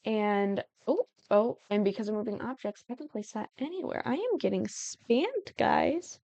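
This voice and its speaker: Chatty young woman with a gravelly voice. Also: fairly high pitch, lively intonation, normal speed, mellow, dry recording, lo-fi sound. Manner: chatty and self-interrupting, with giggles. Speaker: Sims building tutorial creator. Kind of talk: casual gameplay commentary.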